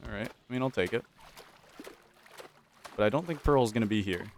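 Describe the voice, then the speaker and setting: A man's voice: on the low side, animated, moderate pace, slight background noise. A young man casually commentating a survival game, playful and joking, talking to the game's characters. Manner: playful, talks to game characters, jokey pirate voices. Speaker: gameplay commentator.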